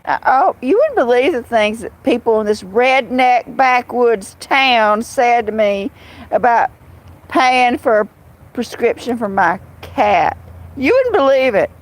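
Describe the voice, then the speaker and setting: A woman hosts a casual live stream, bluntly and ramblingly answering viewers' comments as she reads chat. Her fairly high voice is expressive and slow, in a rough recording.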